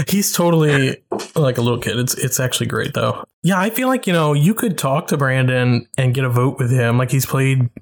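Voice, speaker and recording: A man's voice: medium pitch, expressive, moderate pace. A man co-hosting a podcast in casual chat, rambling, laughing often and restarting his sentences. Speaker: podcast co-host. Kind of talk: casual chat about an online game.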